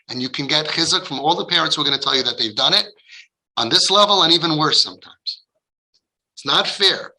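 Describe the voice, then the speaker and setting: Bright-voiced man coaching parents passionately. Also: on the high side, rough recording. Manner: passionate, acts out dialogue, sprinkles Hebrew religious terms. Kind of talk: casual talk to parents.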